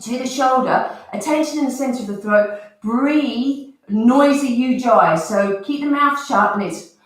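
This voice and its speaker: A woman guides a stretch and breathing session in a calm coaching manner, letting out sighs and breaths as she moves. Her voice sits a little high and comes from some distance away from the mic. The room rings with strong echo. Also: moderate pace. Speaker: movement and breath instructor. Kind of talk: guided exercise instruction. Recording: roomy sound from far off the mic.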